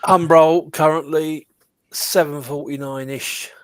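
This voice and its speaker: A man's voice: fairly high pitch, steady tone, slow, no room sound. A man on a modelling live chat, looking up and reading out prices. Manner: chatty, looks up prices as he talks. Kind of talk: casual chat.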